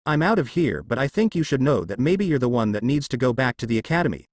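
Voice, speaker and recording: A man reading the lines of a brash, loud teenage ninja boy in a fan fiction, with a lively, dry delivery. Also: medium pitch, fast talker, no room sound. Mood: defiant. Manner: shouting, defiant.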